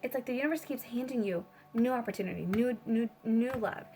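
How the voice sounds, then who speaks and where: A woman's voice: on the high side, a little fast, mellow, soft background music. Rambling woman giving a tarot reading. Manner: rambling, swears freely, many fillers. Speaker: tarot reader. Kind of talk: casual spiritual reading.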